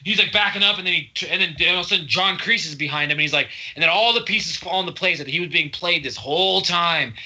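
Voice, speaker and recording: A man's voice: high voice, quick pace, hardly any pauses, pushed and bright, poor audio. A man co-hosting a podcast, retelling a movie plot in rambling, profane casual chat. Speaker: podcast co-host.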